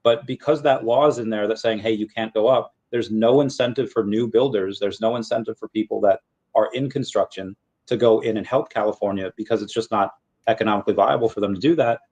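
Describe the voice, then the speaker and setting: A man co-hosting a casual podcast, ranting in a fired-up way with quick asides. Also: lowish voice, darkish tone, husky, dull audio. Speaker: podcast co-host.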